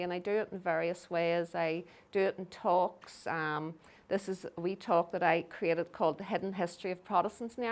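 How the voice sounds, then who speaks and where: A woman's voice: lowish voice, a bit bright. A middle-aged woman with a Belfast accent, giving a lecture with slides and telling stories that act out the people she quotes. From Northern Ireland. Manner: storytelling, acts out quoted people.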